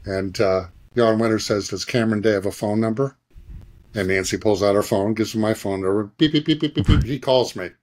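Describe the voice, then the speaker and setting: A man's voice: fairly low pitch, a little fast. A middle-aged man, a guest in a conversation, telling an anecdote animatedly and slipping into other people's voices as he goes. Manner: animated, acts out others' voices and sound effects. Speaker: guest, advertising creative director.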